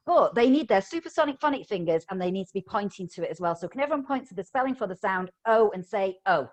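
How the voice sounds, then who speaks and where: A woman's voice: medium pitch, animated, fast talker, hardly any pauses. Upbeat woman coaching teachers. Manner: upbeat, coaxing, playful teacher voice. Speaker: phonics trainer. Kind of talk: live online teacher training. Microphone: video call.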